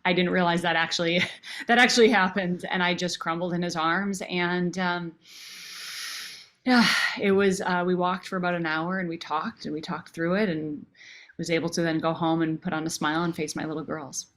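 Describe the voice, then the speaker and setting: A woman in her forties, speaking a little low, shares a personal story as an interview guest. She talks earnestly and with feeling, breaking off and restarting her sentences. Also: steady tone, normal speed, a bit bright. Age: 40s. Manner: earnest and emotional, restarting phrases.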